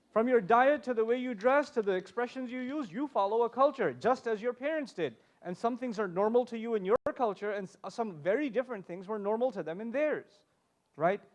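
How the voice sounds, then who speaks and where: High-voiced, animated male panel speaker. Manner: animated, emphatic, joking asides. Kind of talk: passionate lecture talk.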